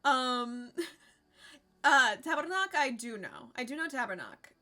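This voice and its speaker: Bright, chatty woman streamer. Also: on the high side, lively intonation, slow pace. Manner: chatty and rambling, laughs often, swears casually. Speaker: live streamer. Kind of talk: casual live-stream chat with viewers.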